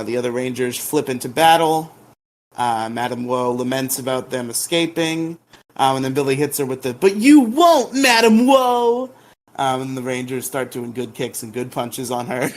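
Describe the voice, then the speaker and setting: A man co-hosting a casual podcast, retelling episodes with filler words and quick high-pitched character impressions. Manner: lively retelling, jumps into exaggerated high voices for characters. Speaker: podcast co-host recapping episodes. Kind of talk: casual recap chat.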